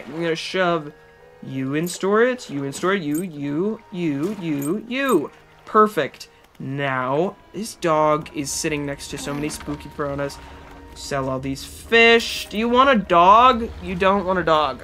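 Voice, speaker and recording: A man's voice: high voice, pushed and bright. A man streaming live, chatting as he plays and talking back to game characters and his chat. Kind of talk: live gameplay commentary.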